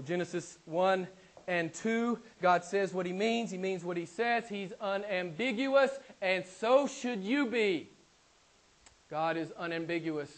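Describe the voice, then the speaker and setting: Emphatic high-voiced male preacher. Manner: emphatic, repeats key phrases; moves between loud emphasis and low quiet asides. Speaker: pastor. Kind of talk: sermon. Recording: live church sermon.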